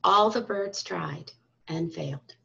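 A woman reading a storybook aloud to school children and parents, in a calm, expressive storytelling manner. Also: on the low side, slow, creaky. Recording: dull lo-fi recording.

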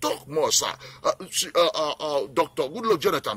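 A man's voice: on the high side, very animated, moderate pace, hardly any pauses, a bit bright, slightly rough. A Nigerian man giving an earnest, pleading peace appeal, repeating his phrases again and again. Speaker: peace campaigner. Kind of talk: impassioned appeal speech.

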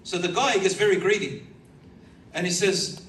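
A male preacher in an echoey hall, heard from a little way off the mic with faint room ambience behind him. His voice sits slightly high for a man. He tells the story with animation and chuckles as he goes. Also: normal speed, fairly bright tone, far from the mic, a little hiss or hum. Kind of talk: sermon, storytelling. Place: lecture hall.

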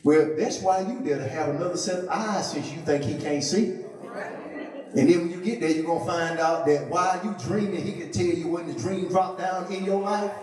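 A man preaching a sermon as pastor, joking playfully with the congregation and building up to a shout. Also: sits high, normal speed. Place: church sanctuary. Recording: echoey church from a distant mic.

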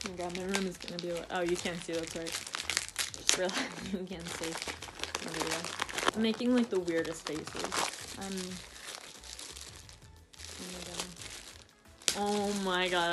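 Young american girl opening presents, super animated squeals, noisy audio. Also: on the low side, slow, pauses often. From USA. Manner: excitable, squealing, gushing. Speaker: gift recipient. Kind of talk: casual unboxing chat. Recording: noisy home recording.

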